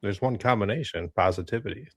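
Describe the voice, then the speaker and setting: Low-voiced man in calm interview chat. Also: quick pace, slightly rough, no room sound, studio quality. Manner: calm, agreeable, short affirmations. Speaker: podcast host, paranormal investigator.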